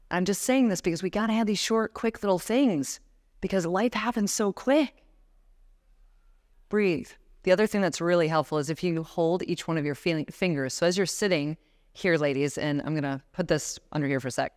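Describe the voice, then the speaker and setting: In a conference room before a seated audience, a guest speaker in her 40s gives a motivational talk. Her voice is smooth, fairly low, a little fast and darkish in tone, and she coaches the live crowd through breathing exercises.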